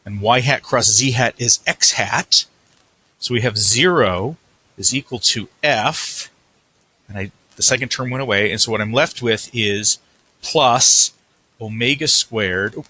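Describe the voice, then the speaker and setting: A man's voice: medium pitch, measured pace, pushed and bright, breathy edge. A man giving a recorded physics lecture, working through a problem at the board, thinking aloud and correcting himself as he writes. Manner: thinking aloud, self-correcting while writing.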